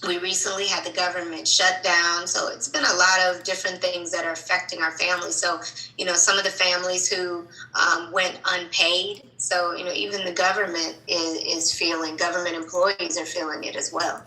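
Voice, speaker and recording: A woman's voice: lowish voice, flat delivery, normal speed, pushed and bright. A woman guest on a podcast, earnestly explaining with frequent "um"s. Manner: earnest, explanatory, many fillers. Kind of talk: interview answers. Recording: echoey, distant from the mic.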